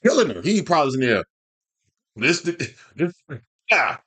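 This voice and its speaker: A man's voice: fairly high pitch, very animated, a little slow, pushed and bright, husky. Loose, profane man reacting to clips. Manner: loose, profane, rambling, stumbles and repeats himself. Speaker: commentary host reacting to clips. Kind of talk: casual reaction commentary.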